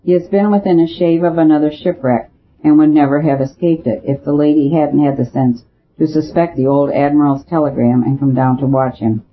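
A man's voice: fairly high pitch, fairly even intonation, a little fast. Man doing a weary, grave priest detective. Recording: tinny phone-like audio.

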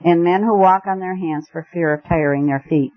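A man reading a classic novel aloud as narrator, in a steady storytelling manner. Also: fairly high pitch, moderate pace. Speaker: audiobook narrator. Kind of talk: scripted narration. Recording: muffled lo-fi recording.

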